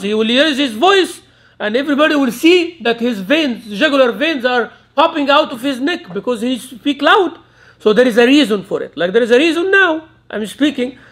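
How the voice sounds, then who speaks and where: In a restaurant meeting room, an Islamic lecturer whose first language is Arabic delivers a Quran commentary. His voice is high and lively, he weaves Arabic terms into English, and laughter comes easily to him.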